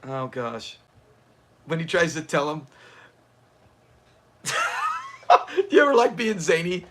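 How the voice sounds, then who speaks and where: A man's voice: fairly high pitch, sing-song, slow, fairly bright tone. A man hosting a livestream watch party, chatting casually, answering viewers and laughing often. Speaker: livestream host.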